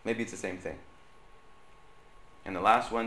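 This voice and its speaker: A man delivers a conversational sermon, weaving stories into his message and stopping to check in with his listeners. His voice sits a little low but sounds bright and forward. The sound bounces around a roomy church hall. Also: normal speed, pauses often, a little hiss or hum. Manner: chatty, checks in with the crowd with tag questions. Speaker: pastor.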